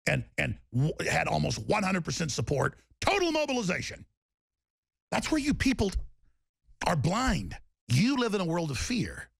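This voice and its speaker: A man's voice: a little high, huge pitch swings, moderate pace, gravelly, breathy edge, no room sound, studio quality. A man delivering an angry political rant, heated and emphatic, with mocking asides. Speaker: political commentator.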